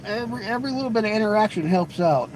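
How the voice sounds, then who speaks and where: A man's voice: high voice, lively intonation, rapid-fire, a little mellow, a little hiss or hum, rough recording. A man hosting a live stream, chatting casually with viewers in a rambling, teasing way, often stammering into restarts. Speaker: livestream host.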